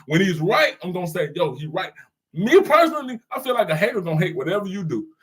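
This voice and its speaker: High-voiced man chatting with his viewers. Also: big pitch swings, fast, fairly bright tone, slightly rough. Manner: laid-back slang, laughs often, addresses chatters. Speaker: streamer reading live chat. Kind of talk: casual live-stream commentary.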